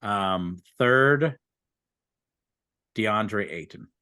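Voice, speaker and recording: A man's voice: fairly low pitch, expressive, very slow, sharp tone, clean tone. Easygoing male podcast co-host. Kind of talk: casual chat.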